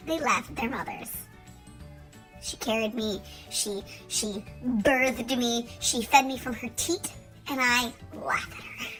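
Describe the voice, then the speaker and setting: A woman's voice: a little high, slow pace, a bit bright, faint music behind, low-quality recording. A woman in her thirties chatting casually to camera in a rambling, joking, profane way. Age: 30s. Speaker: vlogger.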